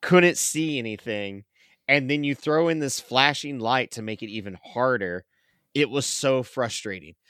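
A man's voice: mid-range voice, a little slow, fairly bright tone, clean tone, no room sound, clean studio sound. A man co-hosting a podcast, complaining in a frustrated, swearing casual chat. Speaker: podcast co-host. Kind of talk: casual movie review chat.

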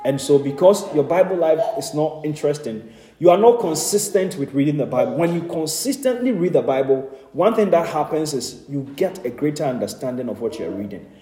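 A man's voice: fairly high pitch, animated, brisk, dark tone, a little hiss or hum. Man teaching a Bible study in a roomy hall. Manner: earnest teaching with repeated amens and light laughs. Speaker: pastor.

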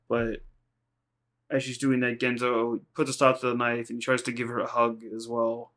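A man's voice: medium pitch, monotone, moderate pace, a bit bright. A man co-hosting a podcast, casually recapping anime episodes in a rambling, profane way, acting out lines in quoted voices. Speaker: podcast co-host.

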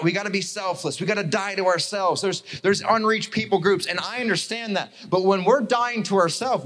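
Animated preacher man, fairly high voice. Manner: animated storytelling, acts out characters. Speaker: pastor. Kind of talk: sermon.

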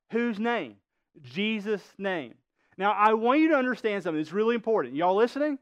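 A man's voice: high voice, lively intonation, moderate pace, clear, resonant tone, no room sound. A male pastor preaching a sermon, emphatic, quizzing the congregation with rhetorical questions.

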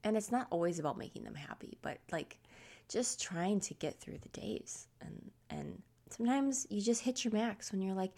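A woman's voice: medium pitch, animated, moderate pace, creaky, warm tone. A woman hosting a podcast in a casual, rambling chat, with a scratchy throat, many fillers and frequent laughs. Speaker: podcast host.

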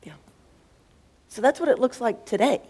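A woman's voice: on the high side, expressive, normal speed, mellow, husky. A woman who teaches school, talking casually about faith and thinking aloud as she searches for words. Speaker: schoolteacher and co-host.

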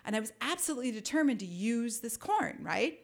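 A woman from Minnesota telling a lively personal story, with wry asides and vivid detail. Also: a little high, a little fast, vocal fry. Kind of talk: personal story told to an audience.

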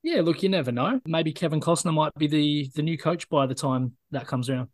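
Higher-voiced blunt man. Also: animated, a little fast. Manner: blunt, opinionated, restarts words. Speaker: podcast co-host. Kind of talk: casual sports chat.

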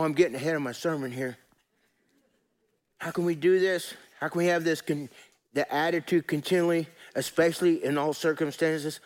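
A pastor delivers a sermon in a high voice with a bright edge, folksy and full of animation. He moves from soft to loud while calling on his congregation to join him.

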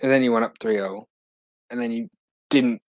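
An easygoing man co-hosting a casual chat podcast, speaking at a middle pitch. He hedges his points and leans on fillers. The mic sound is dry and close, with no room around it. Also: fairly even intonation, normal speed, no echo. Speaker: podcast co-host.

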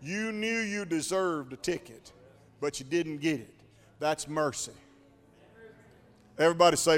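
A man preaching a sermon as pastor, dramatic, swinging from hushed to shouting. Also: on the high side, expressive, takes it slowly, pauses often, in a large hall, soft background music.

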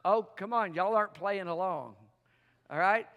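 A man's voice: high-pitched, measured pace, a bit bright. A man preaching a sermon as pastor, coaxing the congregation into call-and-response and laughing often in a playful way. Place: church sanctuary. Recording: long hall reverb.

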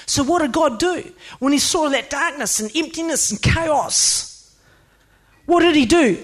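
A woman pastor, preaching a sermon in an emphatic, lively way with playful asides. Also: high voice, a little slow.

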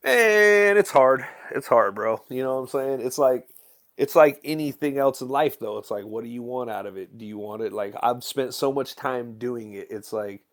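A man, a musician talking casually in an interview, swearing freely and telling stories with animated swings. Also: medium pitch, normal speed. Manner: profane, animated storytelling with frequent "you know what I'm saying". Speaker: musician guest.

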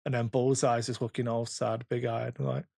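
A man in his thirties hosts a casual podcast chat. His voice sits mid-pitch and sounds dry and close to the mic. He tells stories in an animated way, swears a lot, and acts out the voices of the people in them. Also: fairly quick, gravelly, breathy edge, dry recording. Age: 30s. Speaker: podcast host.

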